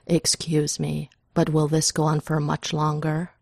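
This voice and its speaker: A woman's voice: low-pitched, monotone, measured pace, gravelly, no room sound, studio quality, exaggerated voice. Woman doing a clipped, impatient detective. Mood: brisk.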